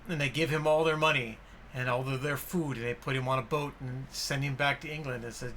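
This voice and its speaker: Bright-voiced man chatting about films. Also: medium pitch, brisk, slight background noise. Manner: enthusiastic, animated retelling with acted-out quotes. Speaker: podcast host. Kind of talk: casual film discussion.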